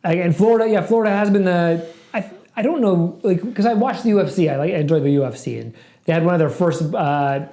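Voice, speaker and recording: A laid-back man rambles through podcast chat, stumbling over restarts and swearing as he goes. His voice sits a little high but has a mellow, dark tone. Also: quick pace, echoey room. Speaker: podcast co-host. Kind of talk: casual chat.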